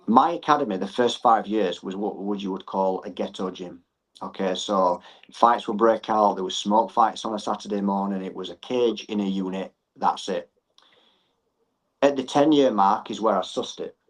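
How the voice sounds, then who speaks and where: This middle-aged man, a martial arts gym owner and coach, has a somewhat low voice. Appearing as a podcast guest, he explains things earnestly and repeats phrases to drive his point home. The recording is rough.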